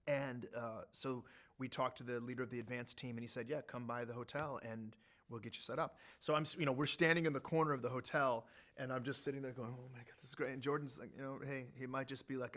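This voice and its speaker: Middle aged guy telling stories in an interview, crisp bright voice, gets loud and high when excited. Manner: animated, with sudden jumps in pitch and loudness. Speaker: interview guest. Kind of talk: storytelling in an interview.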